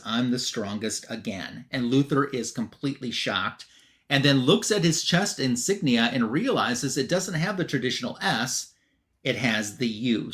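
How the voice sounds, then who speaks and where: Male host at a mid pitch, chatty comic recap delivery with quick quoted asides. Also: a bit bright. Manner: retells scenes with filler words and quick quoted asides. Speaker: podcast host. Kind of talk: casual comic book recap.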